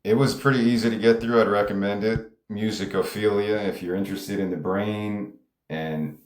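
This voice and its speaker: A man's voice: on the low side, steady tone, normal speed, roomy sound. A songwriter talking casually about his music, rambling and stopping himself, with many fillers along the way. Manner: rambling, self-interrupting, frequent filler words. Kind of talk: casual monologue.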